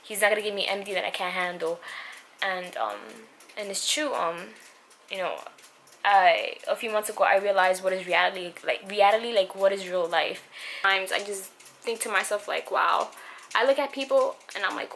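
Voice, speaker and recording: A young woman vlogging about her anxiety, halting and emotional, with many fillers and pauses. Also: medium pitch. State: anxious and upset. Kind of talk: personal vlog confession. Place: outdoors on a city street. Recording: loud street and traffic noise.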